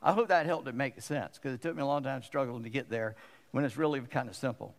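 A man's voice: mid-range voice, fast. Man, pastor, sermon, emphatic, repetitive, long church reverb. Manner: emphatic, repeats phrases for stress.

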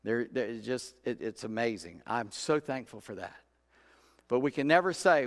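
A man's voice: mid-range voice, expressive, moderate pace. A man preaching a sermon in a church, telling stories in a folksy way and acting out the voices in his quotes. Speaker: pastor. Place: church sanctuary. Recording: long hall reverb.

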